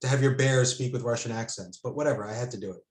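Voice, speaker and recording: A man's voice: mid-range voice, fast talker. A man talking about his own work as a guest in a casual conversation, full of ums and restarts. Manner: hesitant, many fillers and restarts. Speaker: author and guest. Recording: roomy echo.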